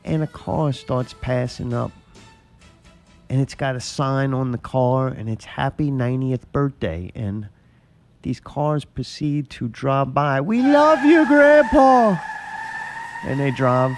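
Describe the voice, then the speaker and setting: A man's voice: mid-range voice, steady tone, measured pace, darkish tone, faint music behind. Rambling, profane talk-show man. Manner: rambling storyteller, swears a lot. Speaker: podcast host. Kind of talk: casual profane chat.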